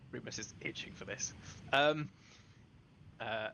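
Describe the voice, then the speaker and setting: A man's voice: medium pitch, takes it slowly, creaky, pushed and bright, a little hiss or hum. A man playing in a tabletop role-playing game, talking hesitantly with many fillers and self-corrections as he runs two characters. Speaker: player. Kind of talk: casual tabletop game chat.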